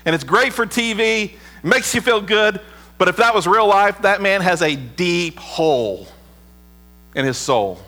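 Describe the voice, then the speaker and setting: A man preaching a sermon as pastor, earnest, often dropping low and quiet for emphasis. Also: expressive, unhurried. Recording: long hall reverb with mains hum.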